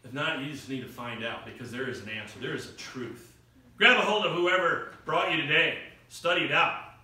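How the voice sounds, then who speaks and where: Bright-voiced preacher in an echoey hall. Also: male voice, mid-range voice, fairly quick. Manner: storytelling with acted quotes and rising emphasis. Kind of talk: sermon. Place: church hall. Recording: echoey room picked up from far off.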